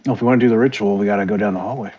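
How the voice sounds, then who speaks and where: A man playing a tabletop game, teasing the others with quick jokes. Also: on the low side, breathy edge, highs cut off. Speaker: player. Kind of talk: casual tabletop game chat.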